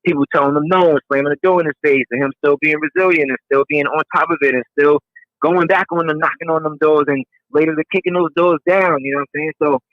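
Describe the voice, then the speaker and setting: A man telling a personal story in a relaxed, slangy way with many fillers. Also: a little high, quick pace, dry recording. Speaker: interviewee. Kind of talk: casual storytelling. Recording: dull, dry lo-fi audio.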